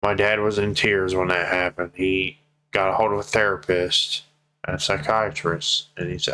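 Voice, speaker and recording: A young man talks straight to his audience in a personal vlog, his voice sitting on the low side. He is emotional and heartfelt, casual and unfiltered, with swearing slipping in. A faint background noise runs under the recording. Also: flat delivery, moderate pace, bright, forceful tone. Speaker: vlogger.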